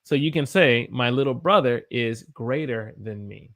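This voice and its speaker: A man's voice: mid-range voice, a little slow, fairly bright tone. A man from the United States teaching English on a live stream, tired after a long day and encouraging as he reads out viewer sentences and corrects them.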